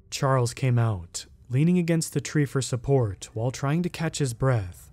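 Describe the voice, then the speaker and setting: A man narrating a first-person horror story in a steady, measured way, reading the characters' lines without big voice changes. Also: mid-range voice.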